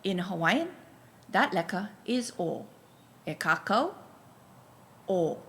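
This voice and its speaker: A woman's voice: fairly low pitch, big pitch swings, slow pace, fairly bright tone. A woman teaching a Hawaiian pronunciation lesson, patiently spelling out each letter and telling learners to write it down. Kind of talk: slow, deliberate language lesson.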